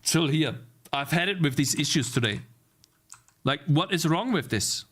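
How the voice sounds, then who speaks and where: A man's voice: a little high, animated, normal speed, fairly bright tone. A man live-streaming his coding, talking to his chat as "guys" and swearing aloud at his code in exasperation.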